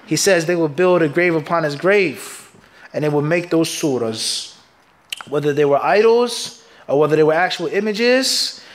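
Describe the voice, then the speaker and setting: High-voiced emphatic male Islamic teacher. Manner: call-and-response questioning, asks "what?" for the class to fill in; emphatic, punchy delivery. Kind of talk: hadith lesson to students.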